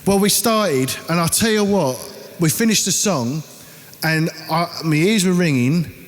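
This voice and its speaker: A man with an Essex accent and a notably high voice spins an animated, salty anecdote about band life. The sound carries a lingering reverb from the room. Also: unhurried. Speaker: band member. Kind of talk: casual storytelling.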